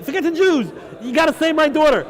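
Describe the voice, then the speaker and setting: A man's voice: very high-pitched, animated, very fast, sharp tone, a faint crowd, pitched above the performer's own voice, heavily acted. A man doing a frantic Roman emperor. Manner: frantic, effusive.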